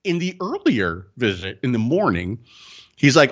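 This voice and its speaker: A man telling a story in a casual podcast chat, animated and profane, acting out the people in it. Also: mid-range voice, moderate pace, muffled recording. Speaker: co-host.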